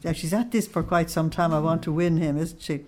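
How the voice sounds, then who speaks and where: Low, a little mellow, and brisk, this middle-aged woman's voice carries an informal religious talk on Christian mysticism for a group. She frequently laughs and reads quotes aloud with feeling.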